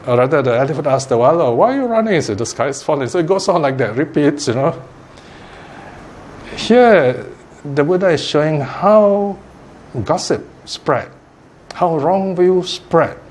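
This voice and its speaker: A man's voice: medium pitch, a little mellow, a little hiss or hum. A man giving a Buddhist Dharma talk, telling a fable in a chatty way, chuckling, repeating words and asking his listeners questions. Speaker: Buddhist teacher.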